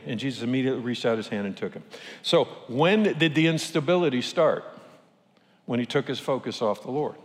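A man preaches a sermon, working through stories and firing off rhetorical questions at his listeners. His voice sits at an ordinary middle pitch for a man. It rings out with a long reverb, as if from a large hall. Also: normal speed. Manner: lively storytelling with rhetorical questions. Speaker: pastor.

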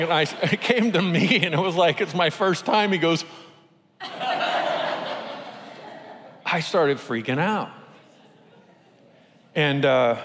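A pastor preaching a sermon, telling a personal story with animated, self-deprecating humor. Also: male voice, a little high, slow pace, long pauses. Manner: animated, self-deprecating, acts out quoted voices. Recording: long hall reverb.

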